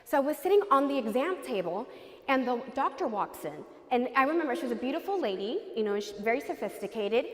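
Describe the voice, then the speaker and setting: A woman's voice: high voice, very animated, fast talker, long reverb tail. A woman telling her personal story in an earnest testimony, acting out the people she quotes. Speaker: speaker giving a personal testimony. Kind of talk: emotional personal testimony talk.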